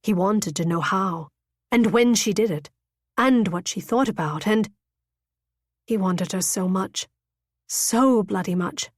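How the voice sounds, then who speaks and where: A woman reads a romance novel aloud in an intimate, measured way. Her voice sits in a middle pitch, neither high nor low. The recording is dry and close, with no room echo. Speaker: audiobook narrator. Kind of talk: scripted romance narration.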